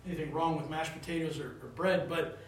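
A man preaching a conversational sermon to a small group. He talks in an animated, rambling way and keeps asking the listeners for answers. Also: a little high, fairly quick. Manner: animated, rambling, calls for responses. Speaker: pastor. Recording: roomy room, voice from a distance.

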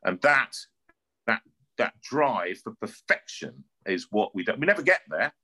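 This middle-aged opera singer hails from North London and speaks with that area's accent, his lowish voice moving at a measured pace. Chatting in a casual interview, he tells lively stories and frequently repeats words, though the audio quality is poor.

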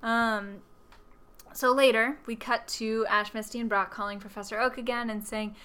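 A woman co-hosting a chatty podcast, walking through a film's plot scene by scene. Her voice is bright and clear, sitting a little high for a woman. She talks loosely, with fillers and quick laughs, and slips into little voices for quoted lines. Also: steady tone. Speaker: podcast co-host. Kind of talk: casual chat recapping a film plot.

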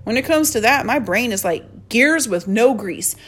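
A woman's voice: fairly high pitch, lively intonation, normal speed, fairly bright tone, slightly rough, faint music behind. A woman reading aloud, voicing a laid-back teenage boy who jokes with his younger sister, drawing out his phrases. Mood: joking. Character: teenage boy, easygoing joking older brother.

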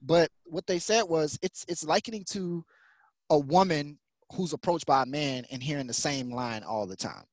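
A man's voice: fairly high pitch, moderate pace, no echo. Dry-sounding man musing on a podcast. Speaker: podcast guest. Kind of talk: casual podcast chat.

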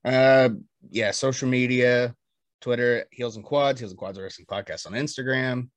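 A man's voice: mid-range voice, fairly even intonation, moderate pace, dry recording. A man hosting a podcast in loose, profane, joking chat while plugging merch. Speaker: podcast host.

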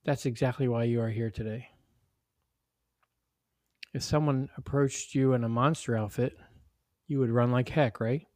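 A man's voice: medium pitch, fairly even intonation, moderate pace, long pauses, darkish tone, no echo, studio quality, natural voice. A man voicing an earnest neighborhood mother teaching children in a read-aloud story. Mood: teacherly.

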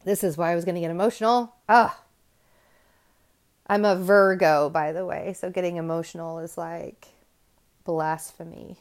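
Woman podcast host, lowish voice, candid and rambling solo talk straight to listeners. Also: steady tone, a little slow, long pauses. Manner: candid and rambling, with restarts and asides. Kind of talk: casual podcast monologue.

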